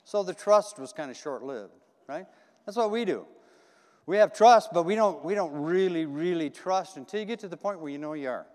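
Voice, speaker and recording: A man's voice: fairly high pitch, lively intonation, brisk. A man preaching a conversational sermon in a church, folksy and repetitive, asking the congregation questions. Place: church sanctuary. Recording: long hall reverb.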